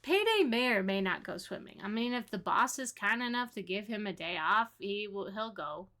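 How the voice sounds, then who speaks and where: A woman's voice: mid-range voice, expressive, moderate pace, bright, forceful tone. A woman giving casual, chatty commentary while playing a game, laughing often. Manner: chatty and giggly. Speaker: gaming creator.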